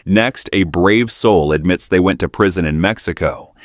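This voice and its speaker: Deep-voiced male compilation narrator. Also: moderate pace, a loud crowd, very noisy. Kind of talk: scripted narration.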